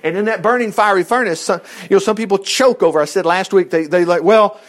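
High-voiced man teaching the Bible casually. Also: quick pace. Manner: rambling, laughs often, acts out quotes. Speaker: preacher.

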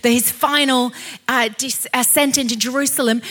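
A woman preaching a sermon, building to impassioned, shouted declarations. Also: on the high side, lively intonation, moderate pace.

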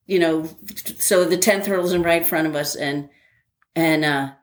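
An older woman in a casual interview, telling an animated story with many fillers and laughing at herself. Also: low-pitched, measured pace. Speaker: interviewee, former academy track athlete.

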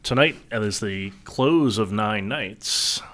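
Man, low pitched, bright and forceful tone, casual chat, anecdotes, reads scripture. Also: slow pace. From New York City. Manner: chatty, tells anecdotes. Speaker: co-host.

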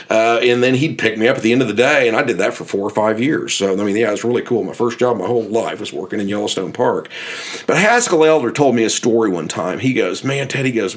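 A middle-aged man from the United States, hosting a podcast and telling rambling, animated anecdotes with restarts and chuckles. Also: mid-range voice. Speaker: podcast host. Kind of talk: casual storytelling.

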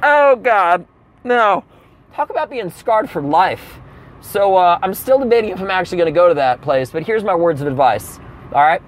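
Male comedian, young adult, lively swooping pitch, profane rant storytelling, raised voice. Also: fairly quick. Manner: animated, profane, bursts into exaggerated outbursts.

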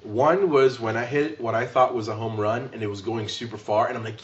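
A man's voice: mid-range voice, fast. A man co-hosting a podcast, telling stories in casual chat and swearing freely. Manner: swearing, animated storytelling. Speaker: podcast co-host. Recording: dull lo-fi recording.

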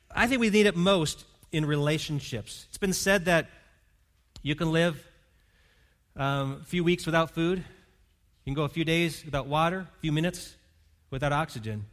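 A man's voice: fairly high pitch, fairly bright tone. A man preaching a sermon as pastor, earnest and pastoral, leading his congregation in prayer and reading. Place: church hall.

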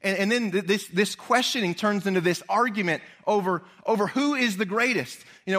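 High, bright-voiced male preacher. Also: fairly quick, hardly any pauses. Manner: animated storyteller, speaks straight to the congregation. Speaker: pastor. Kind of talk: sermon.

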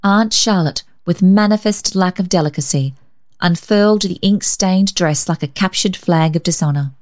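A woman narrates an old children's story in a fairly low voice. Her reading is measured and gentle, with clear, steady phrasing. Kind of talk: scripted narration.

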